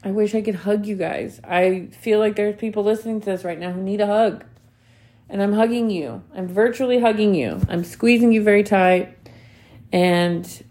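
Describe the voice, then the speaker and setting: A woman's voice: mid-range voice, warm tone. A woman in her thirties speaks on her own podcast in a heartfelt, emphatic way. She repeats her key points for weight and drops casual swear words as she talks straight to her listeners. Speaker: podcast host. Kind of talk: motivational solo podcast talk.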